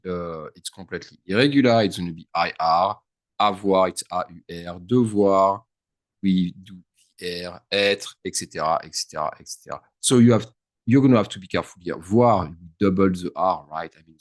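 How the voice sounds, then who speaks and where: A man, his voice pitched very low, teaches a grammar lesson in a loose, chatty way. He thinks out loud and drops words into his English. The sound is dry and close, with no room echo. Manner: chatty, thinks aloud, mixes French into English. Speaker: French teacher. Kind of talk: screen-share grammar lesson.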